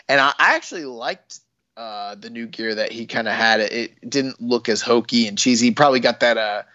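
A man's voice: medium pitch, normal speed, sharp tone. A man chatting casually as a podcast co-host, rambling and joking, with offhand swearing. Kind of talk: casual wrestling chat. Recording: dull lo-fi recording.

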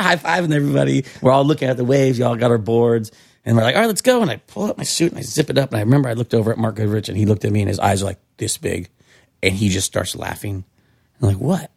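A middle-aged man from Santa Cruz telling animated stories as a podcast guest, jumping high in pitch when he quotes people. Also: gravelly. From Santa Cruz, California. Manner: animated, acts out quotes with big pitch jumps. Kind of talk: casual storytelling.

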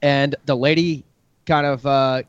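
A man's voice: steady tone, a little slow, clear, resonant tone, dry recording. Man telling a long joke, muffled sound. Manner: storyteller, jumps to high voices for characters.

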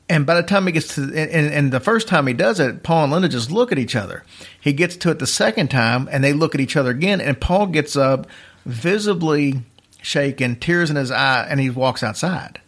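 A man hosting a podcast, telling a story in a casual, rambling way, restarting his sentences and speeding up and slowing down as he goes. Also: a little high, animated, a bit bright. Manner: rambling, chatty, restarts sentences, uneven pace.

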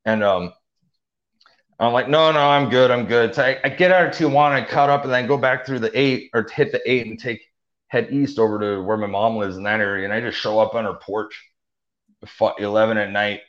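A man's voice: on the low side, fairly quick, a bit bright. A young man telling his story in a casual, rambling way, full of fillers and restarts. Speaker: interview guest. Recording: dull lo-fi audio.

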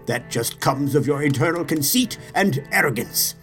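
A man's voice: on the high side, animated, moderate pace, fairly bright tone, faint music behind. A blustering angry old king. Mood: scolding. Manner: pompous, scolding, sputtering. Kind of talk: audio drama acting.

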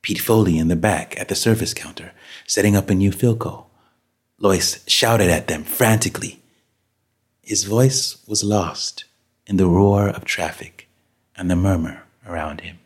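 Slow, deep-voiced male narrator. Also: slightly rough. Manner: measured, dramatic reading. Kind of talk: scripted audiobook narration.

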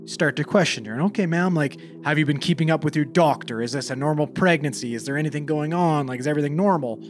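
A man's voice: on the high side, fast talker, soft background music. A young man, a paramedic, casually telling a call story, swearing freely and acting out the dialogue.

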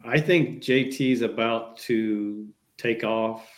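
A man's voice: mid-range voice, slow. A man appearing as a guest on a sports podcast, giving brief, laid-back opinions. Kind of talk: casual chat.

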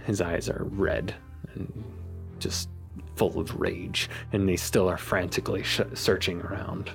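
A man narrating as a tabletop game master in an easygoing, unhurried way, with casual fillers. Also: deep voice, little pitch movement, vocal fry, faint music behind.

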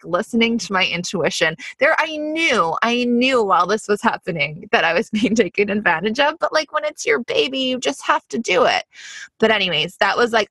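A woman's voice: mid-range voice, sharp tone, no echo. A young woman co-hosting a podcast, telling stories in a casual chat, peppered with "like". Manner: chatty storytelling, peppered with "like". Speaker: podcast co-host.

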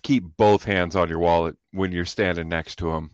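A man's voice: sits low, steady tone, normal speed, no echo, highs cut off. A man co-hosting a casual film-discussion podcast, talking emphatically and piling up descriptive words.

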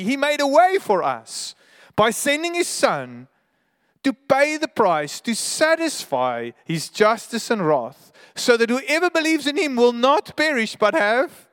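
A man's voice: very high voice, fairly bright tone, big-room sound. A man preaching a sermon as pastor, earnest and emphatic, sometimes restarting his words.

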